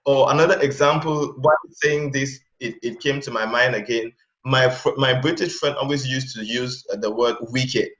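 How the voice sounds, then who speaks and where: A man from Cameroon, a guest in a casual interview, talking in an animated way with many fillers and restarts. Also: mid-range voice, moderate pace. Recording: roomy, dull lo-fi sound.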